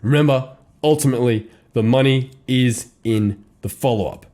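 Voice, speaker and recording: Slangy, animated male copywriting coach. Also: medium pitch, moderate pace. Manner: animated, slangy, laughs between points. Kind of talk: casual teaching monologue.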